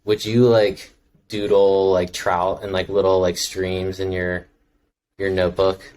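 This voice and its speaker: A young man from Maryland, a podcast guest talking in a relaxed, reflective way with many filler words. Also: low voice, a little slow, poor audio. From Maryland, United States. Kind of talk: casual chat.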